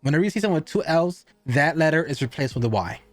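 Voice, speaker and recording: A man's voice: a little high, expressive, quick pace, no room sound, soft background music. A man giving a casual cigar review, rambling and asking and answering his own questions.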